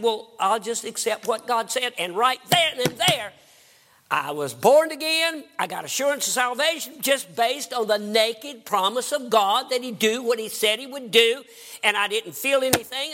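An older evangelist preacher from the American South recounts his own conversion in a fervent sermon, climbing to emphatic outbursts. His voice is very high-pitched, and the background is noisy.

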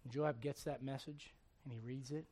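A male preacher gives his sermon as animated storytelling, putting rhetorical questions to the crowd. He speaks at medium pitch and normal speed.

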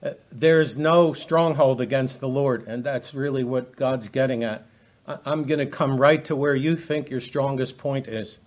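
Halting man teaching scripture. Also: mid-range voice. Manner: halting, many fillers and restarts. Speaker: preacher. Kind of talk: expository Bible teaching.

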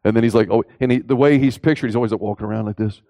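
A man preaching a sermon emphatically, asking rhetorical questions and rising in pitch on key points. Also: rapid-fire, mellow, no room sound.

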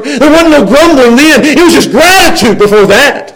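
A man's voice: very high voice, animated, normal speed, fairly bright tone, rough recording. A middle-aged man preaching a sermon, acting out people's complaints in grumbling voices and chuckling as he goes.

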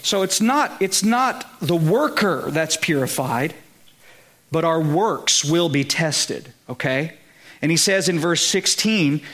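A man with a high, lifted voice and a Southern US accent preaches a sermon. He talks to the congregation conversationally, checking that they follow along. He builds to emphatic high points. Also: a bit bright. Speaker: pastor.

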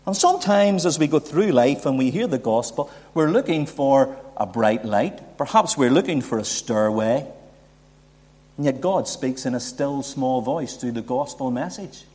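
Animated preacher in a reverberant hall. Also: male voice, mid-range voice, normal speed. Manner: animated, rising emphasis and rhetorical questions. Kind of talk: sermon.

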